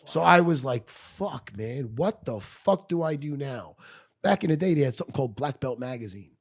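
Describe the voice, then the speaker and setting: A man's voice: medium pitch, animated, moderate pace. A middle-aged man, telling a blunt, profane story as a guest in a podcast studio. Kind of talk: storytelling in conversation.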